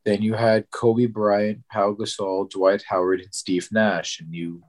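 A man's voice: on the low side, level tone, unhurried. A man co-hosting a podcast, eagerly jumping in over others in casual sports chat.

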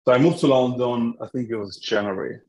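A man's voice: medium pitch, fairly quick, a little mellow. Man telling a story. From Italy. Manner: storytelling, jokey, many restarts. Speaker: app founder, podcast guest. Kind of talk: casual chat.

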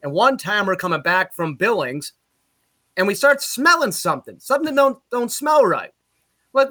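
A middle-aged man, a play-by-play broadcaster from upstate New York, telling road stories in casual podcast chat, animated and loud at punchlines. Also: high voice, normal speed. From Utica, New York.

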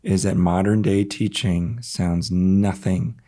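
Husky low-voiced man, earnest and halting. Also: fairly even intonation, mellow. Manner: earnest, halting, with emphatic bursts. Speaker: guest pastor. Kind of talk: reflective interview talk.

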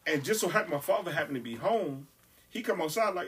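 A man in casual podcast chat, telling stories with lots of swearing and loudly acting out what people said. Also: on the high side, fast talker, slightly rough, distant mic. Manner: animated storyteller, swears freely, acts out quotes loudly.

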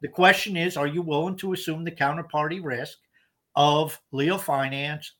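Male podcast co-host, fairly high, bright tense voice, emphatic explainer. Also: fairly even intonation, normal speed, slight background noise. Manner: explanatory, emphatic, repeats words when starting over. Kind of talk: casual podcast discussion.

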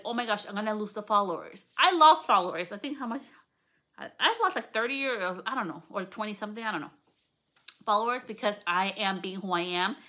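Bright-voiced, excitable woman podcaster. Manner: candid and excitable, swears freely, pitch jumps up when excited. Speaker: podcast host. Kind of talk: casual solo podcast monologue. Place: lounge at home.

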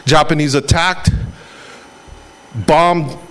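Preacher, man, middle-aged, from Hawaii; higher voice, chatty, acts out a story with sound effects. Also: steady tone, slow, a bit bright, clean tone. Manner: conversational, repeats words. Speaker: pastor. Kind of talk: casual sermon.

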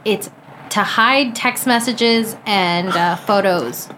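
A woman co-hosting a casual podcast, teasing the others with quick retorts. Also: mid-range voice, a bit bright. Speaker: podcast co-host. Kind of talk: casual chat. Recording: noisy recording.

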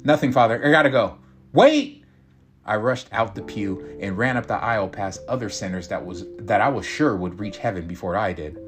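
A man's voice: on the low side, brisk, hardly any pauses. A man reading a first-person story aloud in a reflective, confessional way. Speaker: story reader. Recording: guitar music behind.

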